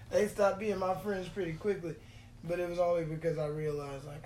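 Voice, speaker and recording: Recorded in an echoey room with faint hum, this vlogger from Texas rambles through stories in a loose, foul-mouthed, joking style, laughing frequently between lines. The voice is mid-range and somewhat dark, at normal speed.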